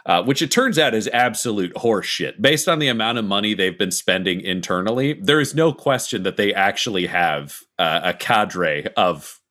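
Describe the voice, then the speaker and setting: A man's voice: lowish voice, animated, normal speed, few pauses, sharp tone. A man running a tabletop game as game master, explaining setting details at length and asking the players for their actions. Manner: detailed, explanatory lore talk.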